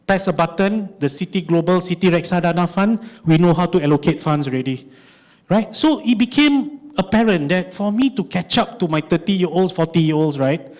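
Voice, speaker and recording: Malaysian guy on stage at a finance conference, fairly high voice, keeps asking "right?", lively storytelling. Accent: Malaysian English. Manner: animated storytelling, lots of rhetorical "right?". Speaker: conference speaker. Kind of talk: conference keynote talk.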